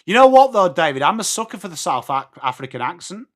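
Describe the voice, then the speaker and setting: A man's voice: high-pitched, sing-song, quick pace. An English man hosting a live match watchalong, chatting casually and answering viewer comments while calling the play. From England. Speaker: watchalong host. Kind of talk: live stream chat.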